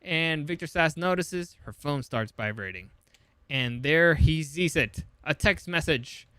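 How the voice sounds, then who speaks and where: A man's voice: fairly high pitch, a little slow, pushed and bright, clear, resonant tone, no echo. A man recapping a movie in a casual, sarcastic way, swearing often and rambling with lots of fillers. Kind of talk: casual comedic film summary.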